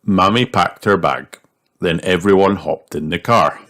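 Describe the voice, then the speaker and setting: A man reading a children's storybook aloud with an expressive storytelling lilt. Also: low-pitched, measured pace. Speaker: narrator.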